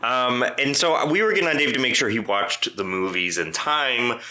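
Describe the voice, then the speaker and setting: A man co-hosting a podcast, talking in a loose, animated way with swings in pitch and a very bright, sharp tone. He breaks into profane rants. The recording has a roomy echo. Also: moderate pace. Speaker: podcast co-host. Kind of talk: casual chat.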